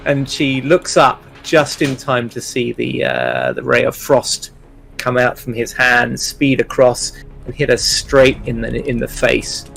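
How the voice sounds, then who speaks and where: A man at a tabletop game describes his character's moves in a gravelly voice. He talks slowly and hesitantly, stopping for ums and uhs. Soft music plays behind him. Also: mid-range voice, level tone. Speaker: player.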